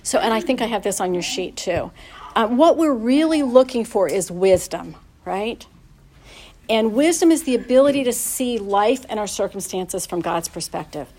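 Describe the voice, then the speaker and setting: A woman's voice: medium pitch, animated, moderate pace, darkish tone. A middle-aged woman giving a conversational Bible teaching to other mothers, laughing often and asking her listeners questions.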